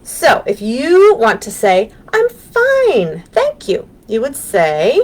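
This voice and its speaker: A woman with an American accent, a children's librarian leading a live storytime lesson, gentle and encouraging, with frequent ums. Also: a little high, huge pitch swings, slow, a little hiss or hum. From United States. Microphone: webcam on a live stream.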